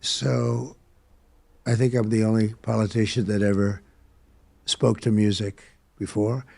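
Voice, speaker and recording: Older guy rambling in a podcast chat, gravelly husky low-lit voice, dry mic. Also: level tone, unhurried, warm tone, no echo. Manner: meandering, repetitive, self-interrupting. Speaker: podcast guest. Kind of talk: rambling interview answers.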